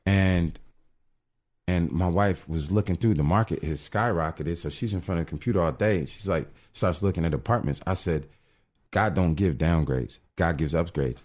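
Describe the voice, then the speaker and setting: A man's voice: low-pitched, moderate pace, darkish tone. A middle-aged man telling a personal faith testimony in casual, earnest storytelling with frequent restarts. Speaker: guest telling his testimony.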